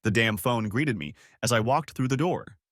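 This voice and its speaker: Brief: man narrating a story, lively pitch, dramatic delivery, dry studio sound. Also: moderate pace, no echo. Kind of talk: audiobook narration.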